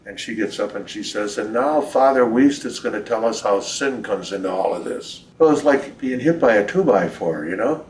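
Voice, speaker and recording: A man's voice: lowish voice, moderate pace, hardly any pauses. An older man, a priest, telling reflective stories in a folksy way during an interview at his home. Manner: reflective, folksy storyteller, quotes people in lively voices. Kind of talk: storytelling in a recorded interview. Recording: roomy, distant from the mic.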